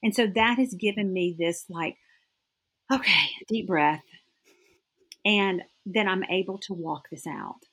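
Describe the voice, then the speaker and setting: A woman's voice: medium pitch, moderate pace, hardly any pauses, a bit bright, slightly rough. A middle-aged woman, a guest in a faith-based interview, speaking earnestly and from the heart.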